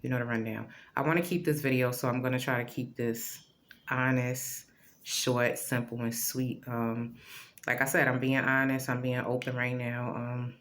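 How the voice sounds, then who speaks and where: A woman's voice: extremely low pitch, level tone, moderate pace, fairly bright tone. A woman hosting her own vlog, talking candidly and rambling into a phone camera she handles herself at home, with lots of ums and repeats. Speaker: vlogger, channel host. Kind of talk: casual to-camera vlog chat.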